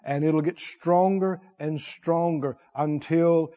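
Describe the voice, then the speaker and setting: A man preaching a sermon, animated, with call-and-response and comic asides. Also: on the high side, takes it slowly, big-room sound, muffled recording.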